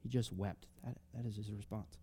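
A man preaching a sermon, reading scripture aloud and explaining it in a conversational way, swinging between loud emphatic rises and soft drops. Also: lowish voice, fairly even intonation, moderate pace, slightly rough. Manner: reads scripture aloud, then explains it casually with fillers.

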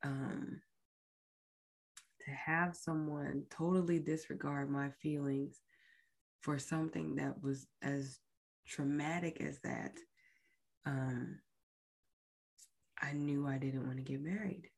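A woman podcast host slowly recounting a painful personal story, halting and often sinking to a near whisper. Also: low-pitched, fairly even intonation, creaky, darkish tone.

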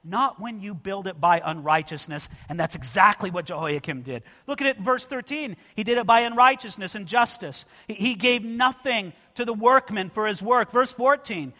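A man's voice: high-pitched, animated, normal speed, hardly any pauses, pushed and bright. A man preaching an expository sermon in a church, earnest and direct, often calling his listeners friends. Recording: long reverb of a large hall.

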